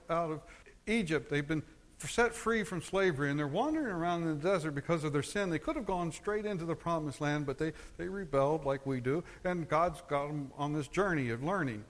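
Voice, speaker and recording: A man preaching a sermon as a pastor, swinging from low, measured stretches to high, forceful emphasis. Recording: long hall reverb.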